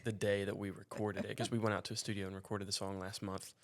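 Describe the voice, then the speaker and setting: A man in a band, explaining their songwriting process in a laid-back, measured way. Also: fairly low pitch, little pitch movement. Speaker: band member guest. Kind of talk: casual interview chat.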